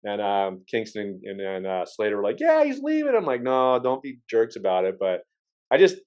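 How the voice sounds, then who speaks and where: A man's voice: lowish voice, normal speed, darkish tone, clear, resonant tone, rough recording. A man hosting a podcast, telling stories in a rambling, casual way with frequent restarts and the odd curse word. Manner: rambling storyteller with many restarts and swearing. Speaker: podcast host. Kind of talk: casual chat.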